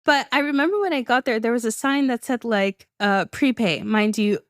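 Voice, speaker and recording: A young woman hosting a podcast, telling a story in a chatty, animated way and laughing often. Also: a little high, brisk, dry recording, clean studio sound. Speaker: podcast host. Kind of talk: casual storytelling monologue.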